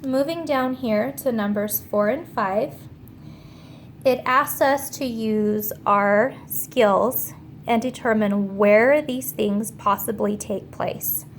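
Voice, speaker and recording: A woman teacher giving a remote grammar lesson to young children, slow, clear and patient as she explains each step. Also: a little high, a little hiss or hum.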